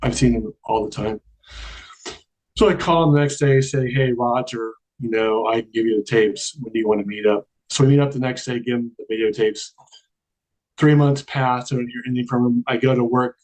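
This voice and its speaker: A man's voice: mid-range voice, brisk, darkish tone, rough recording. A man telling a long personal story in a casual interview, acting out the dialogue and laughing often. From Charleston area, American South. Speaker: guest.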